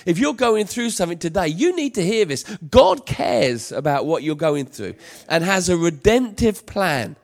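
A man's voice: high-pitched, very animated, moderate pace, hardly any pauses. A man preaching a sermon in an emphatic, repetitive style that rises to passionate appeals, telling a personal story to his congregation. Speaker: pastor.

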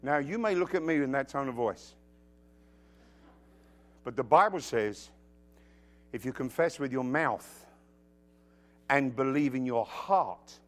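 A man preaching a sermon, emphatic and quoting scripture, who drops to a hush and then rises into loud bursts, with humorous asides. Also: medium pitch, lively intonation, takes it slowly, pauses often.

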